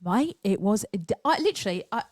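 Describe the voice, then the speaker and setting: A woman with an English accent, co-hosting a podcast in casual chat and telling animated stories with quoted asides. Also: medium pitch, fairly quick, no room sound, studio quality. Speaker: podcast co-host.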